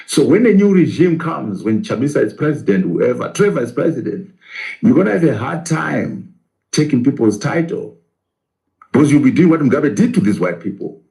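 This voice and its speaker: A man's voice: mid-range voice, big pitch swings, normal speed, creaky, dark tone, rough recording. A man, a professor, arguing in a political interview, asking rhetorical questions and answering them himself.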